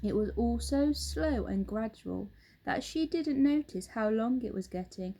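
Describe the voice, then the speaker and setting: A woman teacher reading a children's story aloud, expressive and speaking directly to young listeners. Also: fairly high pitch, unhurried, creaky, slightly rough.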